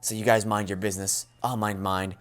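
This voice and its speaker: A man voicing a guarded teenage girl assassin, speaking flat, curt and withdrawn. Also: lowish voice, fairly quick, natural voice. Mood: cold.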